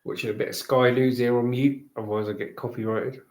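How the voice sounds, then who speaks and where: A man's voice: medium pitch, steady tone, brisk, darkish tone, reverberant. A middle-aged man hosting a casual home livestream, bantering and reading out chat messages. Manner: cheeky, banter-filled, reads out chat messages. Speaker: livestream host.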